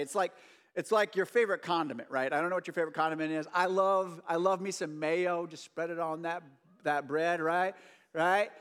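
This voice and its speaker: A man's voice: high-pitched, fairly bright tone. A man preaching a casual, conversational sermon, full of joking asides to his listeners. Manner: joking, chatty asides to the audience.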